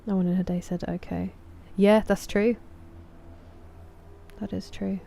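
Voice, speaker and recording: Streaming a game, this young English woman with an English accent chats casually, reading viewer names and saying hello to each. Her mid-range voice is creaky and dark in tone, flat and unhurried. A little hiss or hum sits in the background.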